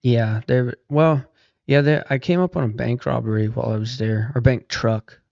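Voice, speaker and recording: A man's voice: mid-range voice, normal speed, creaky, dry recording. A middle-aged man, a podcast guest and author, telling long casual anecdotes with easygoing restarts. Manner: relaxed, rambling anecdotes with frequent restarts. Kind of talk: casual storytelling. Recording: dull, lo-fi podcast audio.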